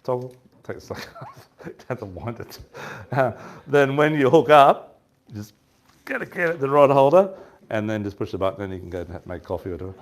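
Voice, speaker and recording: A man telling a lively fishing story at a live seminar, laughing and acting out what his mates said. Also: medium pitch, a little fast, slight background noise. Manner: chatty, laughing, acts out quoted lines. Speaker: fishing shop presenter.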